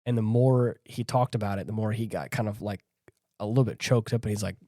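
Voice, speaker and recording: A man's voice: on the low side, fairly even intonation, fairly quick, mellow, no room sound, clean studio sound. A man co-hosting a podcast, retelling a horror film scene by scene in loose, rambling casual chat full of fillers. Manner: rambling, filler-heavy retelling with acted quotes. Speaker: podcast co-host. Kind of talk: casual movie recap chat.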